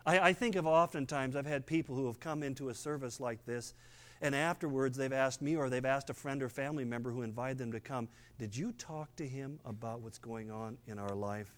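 Older man preaching, drops soft for emphasis. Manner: conversational preaching, drops low and quiet for emphasis, quick playful asides. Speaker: pastor. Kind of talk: sermon.

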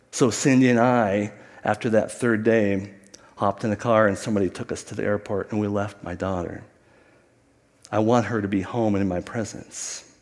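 A middle-aged man preaching, his voice carrying a long reverb through a church hall. He talks in a conversational, storytelling way, turning to the congregation with asides. His pitch sits in the middle for a man. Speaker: pastor. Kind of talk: sermon.

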